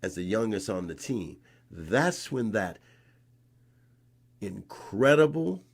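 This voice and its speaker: An older man in his sixties, from North Carolina, with a low, gravelly voice. He tells his story in an animated way, with frequent bursts of emphasis. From North Carolina, USA. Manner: animated, re-enacts scenes with rising emphasis. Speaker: interview guest. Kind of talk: storytelling in conversation.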